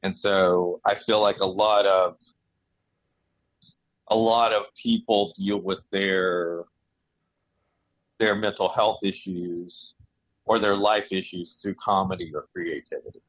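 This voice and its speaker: Low-voiced man on a dull dry mic. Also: fairly even intonation, takes it slowly, pauses often, dry recording. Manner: rambling, with many restarts and fillers. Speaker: podcast co-host. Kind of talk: casual podcast chat.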